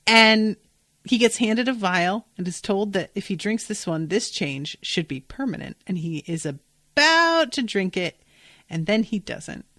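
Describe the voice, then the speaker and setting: A woman's voice: mid-range voice, animated, a little slow, fairly bright tone, no echo. Woman, podcast host, casual recap, chatty, swears, lots of fillers, dry close mic.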